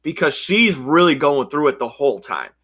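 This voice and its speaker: A man co-hosting a podcast, talking casually and excitedly about an anime with lots of "yo" and "like". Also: a little high, normal speed, breathy edge. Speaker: podcast co-host.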